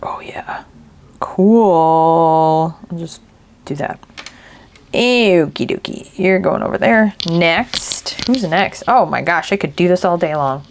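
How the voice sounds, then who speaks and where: A woman narrates her crafting in an unhurried, gravelly voice, half-whispering and mumbling her thoughts aloud. Her talk is casual and chatty. A faint hiss sits behind her. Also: on the low side, expressive. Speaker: craft video host.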